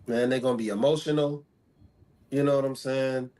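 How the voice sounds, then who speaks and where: A man's voice: mid-range voice, fairly even intonation, moderate pace, a little mellow. A man speaking as a talk show guest, stating firm, repetitive opinions about women in casual talk.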